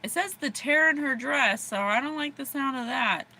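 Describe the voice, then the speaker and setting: A woman's voice: sits high, normal speed, gravelly, bright, forceful tone, a little hiss or hum. An American woman giving a casual livestream psychic reading, bubbly and rambling, often giggling. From USA. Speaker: psychic reader.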